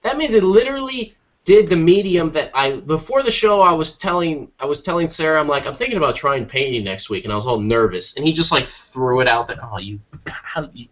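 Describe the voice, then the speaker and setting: A man co-hosting an art podcast in casual chat, excitable and quick to exclaim. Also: on the high side, dull audio. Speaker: podcast co-host.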